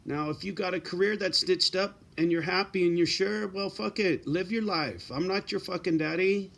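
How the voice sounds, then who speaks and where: A man's voice: high-pitched, moderate pace, gravelly, fairly bright tone. A middle-aged man giving blunt, profane advice in a casual straight-talking monologue, often tagging lines with "right?" and "you know".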